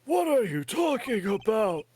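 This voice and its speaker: A man's voice: high-pitched, very animated, unhurried, a little mellow, husky, exaggerated voice. A man voicing a stern older male judge with formal, commanding speech, played over a game.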